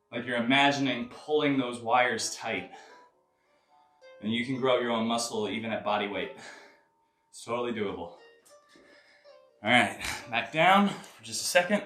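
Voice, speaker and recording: A man leading a live kung fu and tai chi workout class, counting reps with sharp exhaled breaths and chatting casually between exercises. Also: mid-range voice, roomy sound, far from the mic. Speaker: martial arts instructor.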